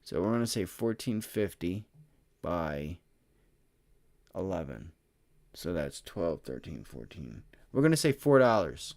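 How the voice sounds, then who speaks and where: A tired, excitable man hosting a livestream, talking casually through stock charts and addressing his chat. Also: low voice, unhurried, pauses often. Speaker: stock trading livestream host. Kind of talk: casual live chart commentary.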